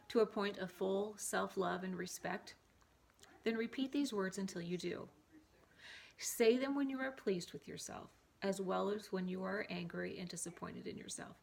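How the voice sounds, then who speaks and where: A woman's voice: mid-range voice, vocal fry, a little hiss or hum. A woman vlogger reading self-help affirmations to camera, repeating them, then wandering off into chatty asides. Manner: reads aloud, then breaks off into rambling asides. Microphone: camera mic.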